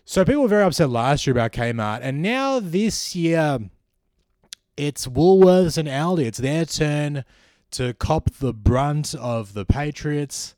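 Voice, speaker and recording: A man's voice: a little high, lively intonation, measured pace, a little mellow, no echo, clean studio sound. A man with an Australian accent, hosting a satirical comedy podcast monologue in a sardonic, ranting manner. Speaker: comedian host.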